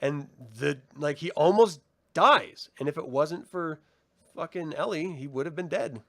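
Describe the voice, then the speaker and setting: A man's voice: on the high side, unhurried, sharp tone, dry recording. Laughing, swearing male reviewer. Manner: profane, laughing, acts out quotes. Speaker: co-host reviewing a TV episode. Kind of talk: casual chat.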